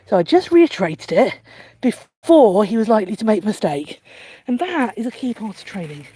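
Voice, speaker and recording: A woman trainer with a husky, mellow voice explains a live demonstration in an easy, steady way. Her pitch swings widely as she jumps into high, excited praise for her dog. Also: normal speed.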